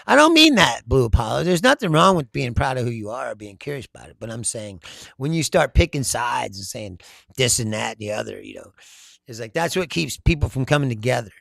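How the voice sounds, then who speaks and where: A middle-aged man hosts a casual political chat, reading viewer comments and replying with animated, profane stories as he laughs. His mid-range voice is gravelly and fairly quick, captured as clean studio sound with no echo.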